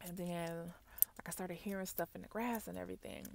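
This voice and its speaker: Gravelly woman, ASMR gum-chewing storytime. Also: lowish voice, moderate pace, a little hiss or hum. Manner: chatty, animated storytelling, addresses viewers as y'all. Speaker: ASMR vlogger. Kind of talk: whispered role-play storytime while chewing gum.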